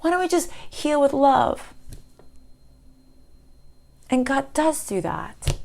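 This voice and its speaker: A woman's voice: sits high, sing-song, takes it slowly, creaky, pauses often. Impassioned woman giving a spiritual reading. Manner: impassioned, swinging from loud outbursts to hushed near-whispers. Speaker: tarot reader. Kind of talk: spiritual tarot reading to camera.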